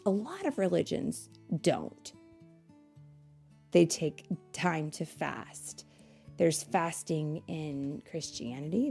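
A woman reading a picture book aloud to children, pausing to ask them questions and explain things. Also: deep voice, creaky. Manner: asks listeners questions, warm explanatory asides.

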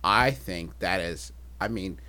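A man's voice: low-pitched, slow pace, bright, forceful tone, a little hiss or hum. A man co-hosting a comedy podcast, reading listener questions in casual banter, mock-solemn and laughing often.

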